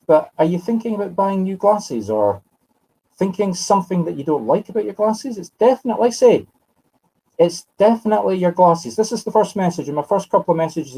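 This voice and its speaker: A Scottish medium in his fifties gives live spiritual readings, musing aloud, correcting himself, and addressing sitters by name. His high voice is mellow and slightly rough, and the recording is rough.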